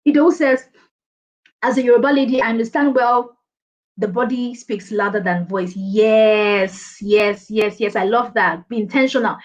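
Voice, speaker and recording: A Nigerian woman giving a lively online workshop on presentations, emphatic and animated, often laughing and mimicking others. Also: a little high, moderate pace, lo-fi sound. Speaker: presentation skills speaker. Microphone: video call.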